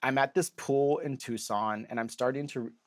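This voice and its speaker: Man, comedian guest, casual storytelling, rambling, lots of "like", mid pitch, dry close mic. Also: normal speed, no echo. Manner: rambling, heavy use of "like", acts out quoted voices.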